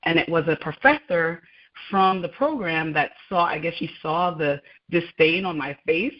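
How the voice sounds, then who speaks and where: A woman's voice: deep voice, moderate pace. A woman guest on a radio interview, telling her story with animation, laughing often and acting out dialogue. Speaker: guest, laboratory scientist. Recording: muffled lo-fi sound.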